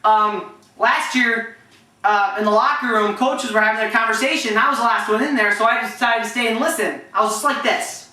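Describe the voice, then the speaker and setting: A man with a bright, forceful voice tells casual anecdotes, jumping into the voices of the people in them and restarting his sentences. He sits back from the mic in a very echoey room. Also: high voice, brisk, distant mic. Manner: animated storytelling, acting out quotes with restarts.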